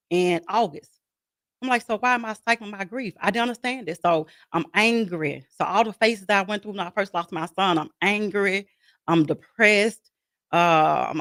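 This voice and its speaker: A woman's voice: medium pitch, fairly bright tone, no room sound. A woman speaking as a guest in an interview about her life as a grieving mother, talking earnestly and repeating herself as she voices her own inner dialogue. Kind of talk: interview conversation.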